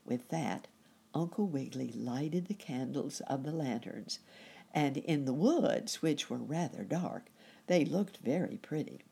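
Low, slow-reading woman storyteller. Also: vocal fry, slightly rough. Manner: gentle, expressive.

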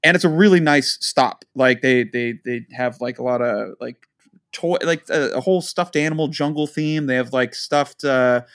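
Speaking at normal speed in a medium pitch, this podcast co-host rambles through profane, casual stories, acting out the voices of the people involved.

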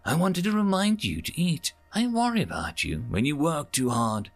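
A man's voice: fairly high pitch, sing-song, moderate pace, creaky, faint music behind, voice pushed up, full character voice. A man putting on a fussy doting alien mother. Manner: anxious, fretful, affectionate.

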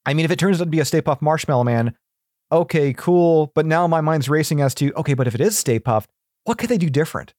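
A man's voice: a little high, expressive, quick pace, a little mellow, no echo, clean studio sound. A man chatting casually as a podcast guest, rambling with many fillers and restarts. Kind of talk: casual chat.

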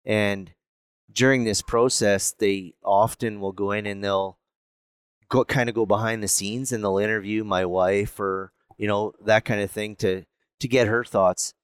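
A man speaking in a relaxed, reflective way in casual conversation, with frequent fillers. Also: fairly low pitch, unhurried, clean tone, no room sound, studio quality. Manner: reflective, with many fillers like "you know" and "um". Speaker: hunter on a hunting podcast.

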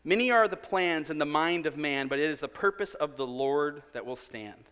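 Thirty-something pastor guy preaching, bright forceful voice, long hall reverb. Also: a little high, lively intonation, moderate pace, clean tone. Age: 30s. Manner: self-mocking storytelling with acted-out quotes. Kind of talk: sermon.

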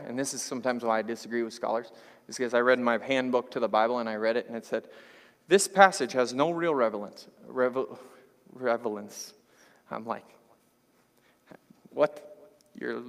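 A long reverb tail follows the mid-range voice of a man preaching as pastor. He keeps it casual and animated, chatting conversationally and joking with his congregation.

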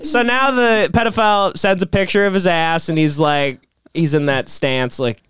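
A man hosting a comedy podcast, reading chat logs aloud in a deadpan way and often breaking into laughter. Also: on the high side, normal speed, background noise. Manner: deadpan narration broken by laughter. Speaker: podcast host.

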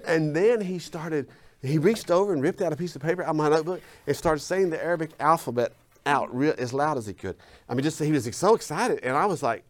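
A man with a Southern US accent, a guest and former minister, telling a personal story and acting out his own quoted lines with big swings in pitch. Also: animated, fairly quick.

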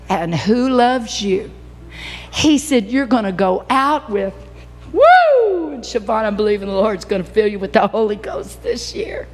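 A woman's voice: mid-range voice, long reverb tail. An older woman preaching an emotional sermon in a church, breaking into sudden whoops.

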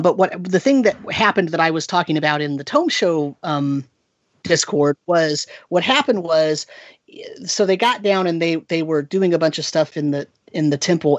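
A game master chatting casually about a tabletop session. The voice sits at a middle pitch, and the talk rambles with restarts and tag questions. The recording sounds dull and lo-fi, with a dry, close room. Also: dry recording. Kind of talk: casual podcast chat.

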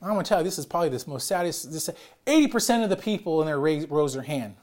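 Loud, emphatic middle-aged male pastor. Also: fairly high pitch, lively intonation, quick pace. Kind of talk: sermon.

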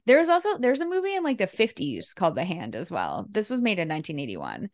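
A fast-talking woman whose low-leaning voice swoops wildly in pitch co-hosts a casual podcast about movies, recorded with no echo. She rambles, laughs a lot, and keeps restarting and using fillers.

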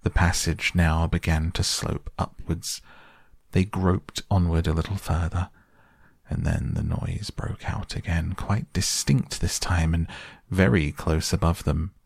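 A man reads a storybook tale aloud in a very deep, gravelly voice, taking it slowly and dramatically. The sound is close and dry with no room to it. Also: fairly even intonation, dry recording. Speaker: narrator. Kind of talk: storybook reading.

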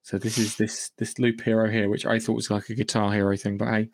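A man's voice: lowish voice, level tone, fairly quick. Rambling male podcast host with a cough. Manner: rambling, full of fillers and restarts. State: coughing now and then. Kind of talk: casual gaming news chat.

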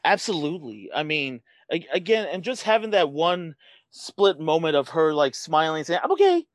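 A man's voice: fairly high pitch, no echo. A man co-hosting a podcast, talking about films casually with enthusiasm and frequent laughter. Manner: laughing, enthusiastic, quick agreement. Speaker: podcast co-host. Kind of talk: casual film discussion.

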